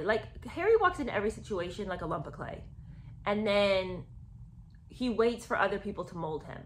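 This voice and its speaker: A woman giving casual, sarcastic commentary on a memoir and talking straight to her viewers as friends. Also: mid-range voice. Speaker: book commentator. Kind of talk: casual book commentary with read-aloud passages.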